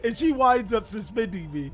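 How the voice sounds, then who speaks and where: Animated high-voiced young man storyteller. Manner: animated, laughing, profane, chatty. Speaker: channel host. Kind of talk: casual storytelling to a live chat.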